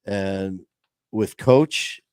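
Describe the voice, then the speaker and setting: Male livestream co-host, low-pitched, dry close sound, animated storyteller. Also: drawn-out words, clear, resonant tone, no room sound. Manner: animated, acts out quotes in a raised voice. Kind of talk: casual storytelling chat.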